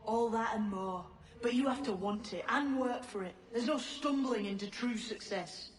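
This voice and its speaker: A woman's voice: on the high side, moderate pace, distant mic, a little hiss or hum, natural voice. A woman voicing a tough female pirate, brusque and confident as a mentor.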